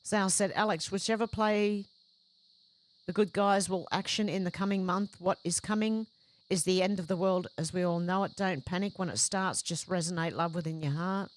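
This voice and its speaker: A woman's voice: fairly low pitch, steady tone, moderate pace. A woman hosting a livestream, reading out viewers' chat comments one after another and adding short conversational reactions of her own. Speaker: livestream host.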